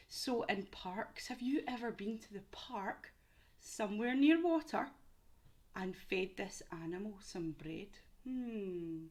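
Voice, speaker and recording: A young woman teaching young children through a home-learning quiz, with exaggerated questions and encouragement. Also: fairly high pitch. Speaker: primary school teacher.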